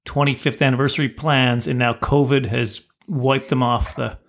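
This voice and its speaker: A man's voice: mid-range voice, level tone, moderate pace. A man, co-hosting a podcast as a stand-up comedian, chatty and apologetic, laughing often. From Canada. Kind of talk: casual podcast chat.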